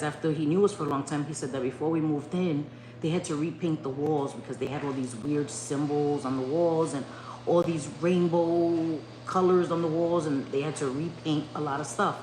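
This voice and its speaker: Loud laughing woman live-streaming from home. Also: deep voice. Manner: loud, swearing, laughing often. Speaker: livestream host. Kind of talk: casual live-stream chat. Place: home bedroom at night. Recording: echoey room with faint noise.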